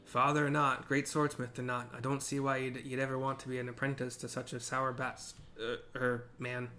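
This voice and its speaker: A man putting on a blunt, protective forge master from a game, loud and indignant as he lectures a harsh father. The delivery is raised and emphatic, pushed a little above a normal speaking voice. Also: medium pitch, little pitch movement, normal speed, slight background noise.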